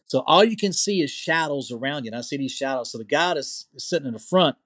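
A man from Louisiana with a Southern US accent, a podcast guest telling a personal story excitedly, repeating phrases and checking in with the listener. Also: a little high, fast, dry recording.

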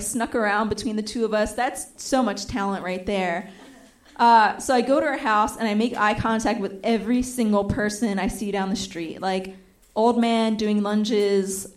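A young adult woman telling a stand-up comedy story, acting out the voices of the people in it, with audience laughter behind her. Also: mid-range voice. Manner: animated, acts out quoted voices.

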